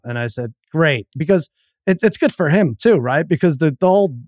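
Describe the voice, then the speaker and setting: A man's voice: on the high side, lively intonation, moderate pace, a little mellow, no echo, studio quality. A middle-aged man co-hosting a podcast, telling a rambling story in casual chat and acting out the quotes. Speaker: podcast co-host.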